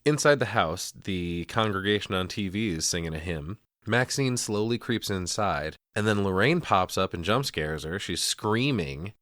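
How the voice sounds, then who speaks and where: A man's voice: sits low, lively intonation, moderate pace, few pauses, fairly bright tone, no room sound, clean studio sound. A man co-hosting a podcast, casually recapping a horror movie scene by scene with profane jokes and laughter. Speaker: podcast co-host. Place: podcast studio.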